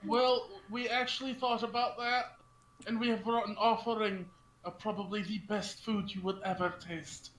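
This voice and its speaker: A player in a tabletop game, a man speaking formally and haltingly in character. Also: high voice, fairly even intonation, fairly bright tone, reverberant, rough recording.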